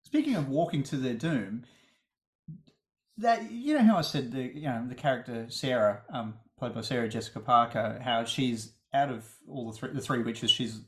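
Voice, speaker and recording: A man with a gravelly, creaky voice co-hosts a relaxed film review podcast. He rambles and restarts his sentences. The room around him rings with a noticeable echo. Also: mid-range voice, moderate pace. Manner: rambling, restarts often, chuckles. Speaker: podcast co-host. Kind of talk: casual film review chat.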